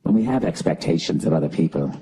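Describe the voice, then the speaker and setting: A man imitating a soothing, slow-speaking male meditation guide with a British accent. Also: a bass voice, mellow, slightly rough, voice pushed down, full character voice, poor audio.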